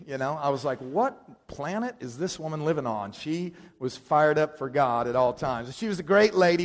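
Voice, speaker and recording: Animated male preacher telling a story. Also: fairly high pitch, big-room sound. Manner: animated, self-deprecating storytelling. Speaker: pastor. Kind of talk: sermon.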